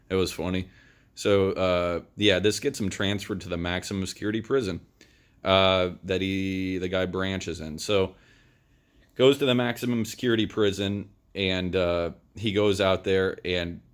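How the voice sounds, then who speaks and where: A young man casually retelling a movie plot in a rambling, crude way, with many fillers. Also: deep voice. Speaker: movie reviewer.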